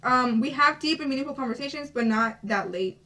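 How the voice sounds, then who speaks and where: A young woman with a somewhat high voice reads out quiz questions in a casual vlog chat. She talks in a playful, giggly way. The mic sits some distance from her. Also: a little fast, bright, forceful tone. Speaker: vlogger.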